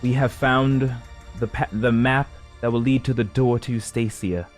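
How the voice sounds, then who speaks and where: A man voicing a commanding woman who leads a council, proclaiming in a raised, forceful voice. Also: mid-range voice, fairly even intonation, normal speed, soft background music, pitched above the performer's own voice, lightly acted. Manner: proclaiming, rallying a crowd.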